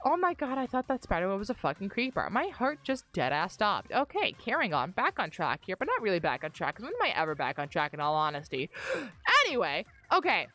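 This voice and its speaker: A woman's voice: mid-range voice, wildly swooping pitch, quick pace, hardly any pauses, a bit bright, soft background music. A woman streamer and game master, rambling and swearing as she recounts a tabletop session while gaming. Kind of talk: casual storytelling while gaming.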